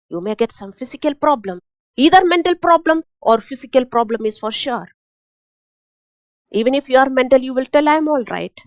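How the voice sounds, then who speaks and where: A woman's voice: fairly high pitch, no room sound. Woman pastor preaching emphatically. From India. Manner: emphatic preaching, repeats lines, rhetorical questions. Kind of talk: sermon.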